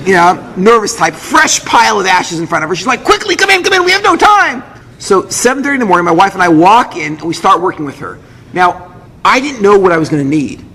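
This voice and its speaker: A man, a rabbi, telling a dramatic personal story with vivid acted dialogue and quick asides. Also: high voice, pushed and bright. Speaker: rabbi, speaker. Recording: echoey hall with faint noise.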